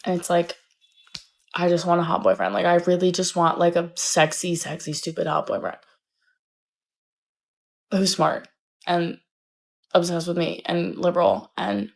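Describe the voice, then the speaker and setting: A woman's voice: lowish voice, level tone, normal speed, vocal fry, pauses often. A young woman complains wryly and whinily in a casual vlog to camera. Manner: whiny, wry complaining.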